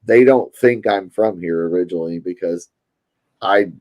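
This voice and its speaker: A man's voice: deep voice, moderate pace, darkish tone. A man with a Louisville Kentucky accent, chatting casually and rambling to his stream viewers. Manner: rambling, chatty, self-interrupting.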